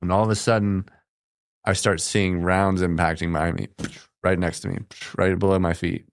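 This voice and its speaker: Deep, clear-voiced American man, plainspoken guest recounting combat, dry studio sound. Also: flat delivery, moderate pace, dry recording. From United States. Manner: plainspoken, matter-of-fact, with brief laughs. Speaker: podcast guest, combat veteran. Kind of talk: casual storytelling in conversation. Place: podcast studio.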